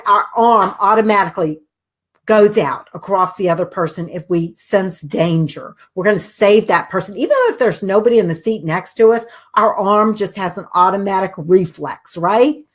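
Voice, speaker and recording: A middle-aged woman hosting a talk show, telling a personal story in an animated way and acting out the voices of the people in it. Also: medium pitch. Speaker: host.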